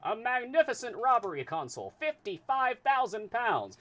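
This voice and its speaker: A man voicing a nervous, dogmatic male detective in a live reading of a classic novel, speaking high, loud and insistent. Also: big pitch swings, moderate pace, heavily acted. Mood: eager.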